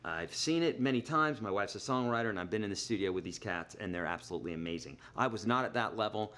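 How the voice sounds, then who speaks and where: A man's voice: on the low side, animated, fast talker, a bit bright. Chatty middle-aged male guitar teacher. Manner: chatty, explains with everyday examples, counts beats aloud. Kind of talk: live online guitar lesson. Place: Nashville.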